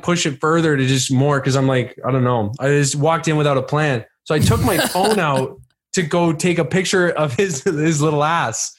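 A man with a slightly higher voice tells a rowdy story in casual conversation. He is animated and keeps laughing through it, filling his lines with "like.".

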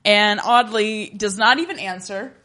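A woman chatting casually as a co-host, walking through a drama scene by scene. She is sarcastic and quick with asides, and her pitch sits in the middle range. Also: sharp tone. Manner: sarcastic, quick asides, acts out lines in funny voices. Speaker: podcast co-host. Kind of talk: casual recap chat.

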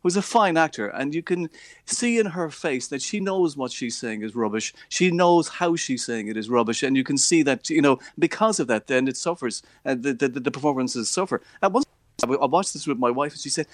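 A man's voice: medium pitch, expressive, fairly quick, dry recording. Opinionated man reviewing films. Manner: opinionated, scathing, chatty with many fillers. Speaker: movie reviewer. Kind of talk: casual radio chat.

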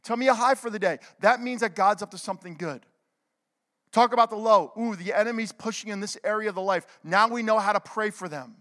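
High-voiced pastor preaching in a reverberant hall. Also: male voice, fairly quick. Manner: swings from loud exhortation to hushed whisper; calls for amens from the congregation. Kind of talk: sermon.

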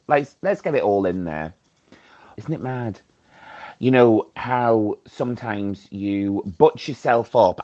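A man's voice: deep voice, a little mellow. A man leaving a chatty, camp, theatrical voice message as a caller. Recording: dull lo-fi voice note.

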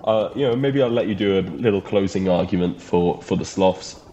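A man's voice: deep voice, a little fast, warm tone, highs cut off, a little hiss or hum. A young man co-hosting a podcast, giggly and rambling, laughing often in casual chat. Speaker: podcast co-host.

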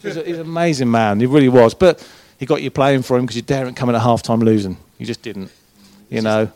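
A former footballer, speaking as a guest at a live event, tells casual, sweary anecdotes to an audience in the room. His voice is medium-pitched, slightly mellow and quick, with no echo.

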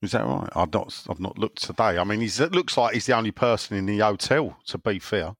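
A man's voice: fairly low pitch, a little fast, dry recording, clean studio sound. A man hosting a podcast, chatting casually and reading out listener messages. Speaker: podcast host. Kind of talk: casual chat.

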